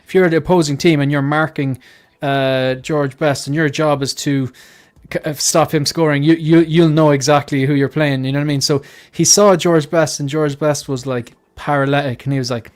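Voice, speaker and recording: Male livestream host, loose rambling talker, slightly higher pitch. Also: fairly even intonation, a little fast. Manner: rambling storyteller, many restarts. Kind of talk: casual panel chat.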